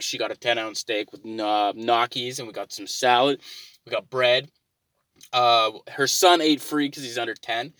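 A man's voice: medium pitch, no room sound. A man casually telling a rambling story, swearing freely and growing exasperated. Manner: rambling, profane, gets loud and exasperated.

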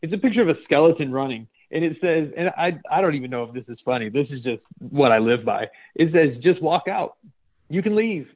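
A man's voice: mid-range voice, fast talker, few pauses. Laughing man on a tinny line. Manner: laughs often, reads posts aloud. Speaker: podcast host. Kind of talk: casual chat reading posts aloud. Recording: phone-like narrow sound.

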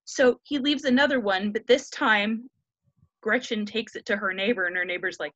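A woman's voice: mid-range voice, a bit bright, dry recording. A woman in her thirties retells an old tale with a casual, cheeky edge, swearing freely and jumping into characters' lines. Her voice is close and dry, with no room sound. The audio is slightly dull and lo-fi. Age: 30s. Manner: irreverent, profane, quick to act out characters' lines. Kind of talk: casual retelling of a classic story.

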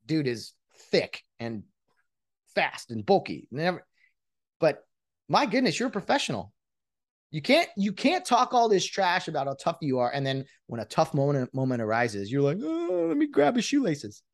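Man, casual football rant, lively swooping pitch, exasperated, mocking. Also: moderate pace. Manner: exasperated, mocking, lots of restarts. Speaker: sports commentator venting as a fan.

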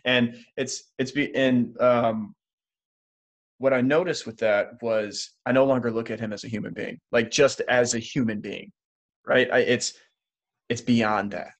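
Guy co-hosting a spirituality podcast, earnest and emotional, rambles and restarts, middle pitch. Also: fairly even intonation, measured pace. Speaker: podcast co-host. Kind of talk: casual spiritual podcast chat.

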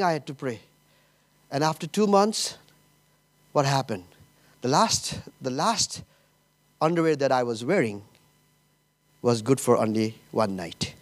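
A man preaching a sermon as pastor, telling a personal story with emotion, laughter and many repetitions. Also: mid-range voice.

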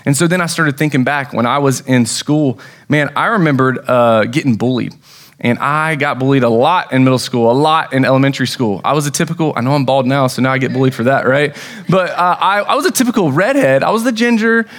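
A young adult man with an American accent, a pastor preaching a sermon in a conversational, storytelling way that bursts into excitement. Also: mid-range voice, fairly quick.

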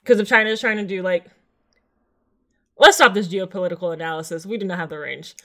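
Bright-voiced blunt woman podcast host. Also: on the low side, fast talker. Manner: blunt, wry, leads the conversation. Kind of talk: casual chat.

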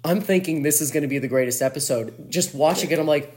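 A co-host on a casual podcast, interrupting with trivia and joking asides. The voice sits at a middle pitch and the talk stays loose and conversational. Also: fast talker, darkish tone. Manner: chatty, jumps in with trivia and asides.

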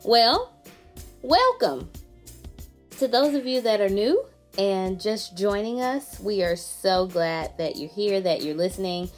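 A woman's voice: mid-range voice, measured pace, darkish tone, soft background music. A woman co-hosting a podcast in a casual chat, welcoming listeners and teasing her friend. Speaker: podcast co-host and licensed clinician.

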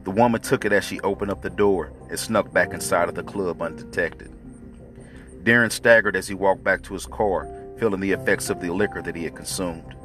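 A man reading a story aloud in a measured, scripted narration. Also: sits low, a bit bright.

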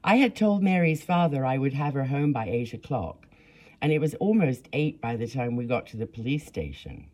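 Brief: earnest memoir narrator with a lively, rising and falling voice, steady reading. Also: mid-range voice, normal speed. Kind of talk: first-person memoir reading.

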